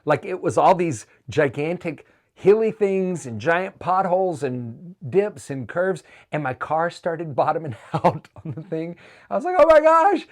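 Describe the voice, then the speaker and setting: A man with a fairly high voice tells a travel story in a casual vlog. He sounds animated and excitable, and his delivery keeps the story moving. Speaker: touring singer recounting a trip.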